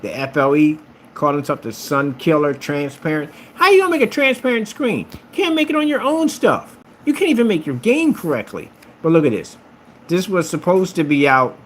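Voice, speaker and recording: Combative man ranting, lively pitch. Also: a little hiss or hum. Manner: combative, mocking, repetitive. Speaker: screen paint maker. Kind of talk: ranting vlog.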